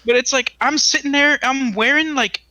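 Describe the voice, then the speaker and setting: A man's voice: extremely high pitch, moderate pace, sharp tone, no room sound. A young man co-hosting a casual podcast, telling a story with lots of laughs and acted-out quotes. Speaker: podcast co-host. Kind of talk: casual chat.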